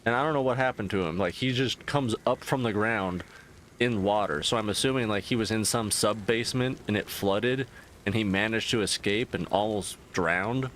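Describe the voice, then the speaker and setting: A man's voice: lowish voice, moderate pace, a bit bright, slight background noise. Profane, rambling man ranting casually. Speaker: streamer. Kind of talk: casual chat.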